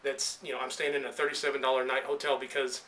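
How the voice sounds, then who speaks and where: A man's voice: medium pitch, level tone, fast, a bit bright, a little hiss or hum. A man, an independent pro wrestler, cutting a rambling, emotional promo of his own. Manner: intense, rambling and emotional, with many restarts. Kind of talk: rambling self-made promo video.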